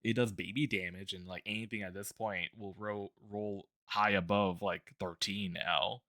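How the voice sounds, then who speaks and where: A man's voice: fairly low pitch, steady tone, normal speed, sharp tone, no room sound, clean studio sound. A man streaming while drawing, chatting casually about a tabletop game character, rambling with lots of fillers, restarts and laughs.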